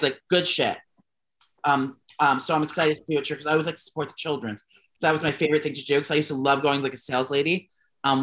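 A gay man co-hosting a casual gossip chat, swearing freely and telling animated stories full of fillers. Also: fairly high pitch. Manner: profane, animated storytelling with lots of fillers. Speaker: podcast co-host.

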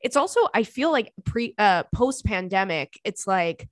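A woman's voice: medium pitch, animated, measured pace, no echo, studio quality. A young woman hosting a podcast, chatting casually and reading listener emails in a sassy, giggly way. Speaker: podcast host.

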